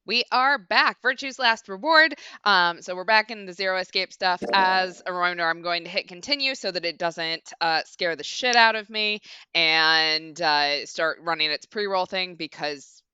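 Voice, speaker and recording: Bright, crisp-voiced woman streamer. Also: fairly low pitch, normal speed, no echo. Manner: chatty, swears casually, lots of fillers. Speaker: game streamer. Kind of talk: casual let's-play commentary. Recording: dull lo-fi stream mic.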